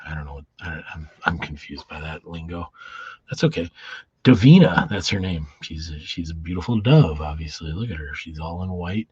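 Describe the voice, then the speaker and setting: Husky, low-voiced man reviewing comics casually. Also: sing-song, unhurried, warm tone, no echo. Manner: rambling and profane, with lots of restarts. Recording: dull lo-fi sound.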